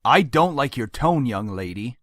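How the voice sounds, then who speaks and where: A man's voice: mid-range voice, lively intonation, normal speed, a bit bright, no room sound, studio quality, lightly acted. A man voicing a stern, controlling middle-aged father in a game, talking down in a cold, commanding way.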